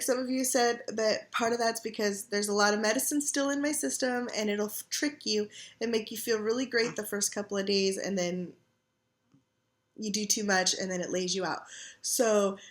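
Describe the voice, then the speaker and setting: Chatty middle-aged woman, sore and tired. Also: fairly high pitch. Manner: chatty, rambling and animated, with frequent fillers. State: tired and sore, recovering from surgery. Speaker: vlogger. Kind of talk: casual chat. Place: at home on a couch.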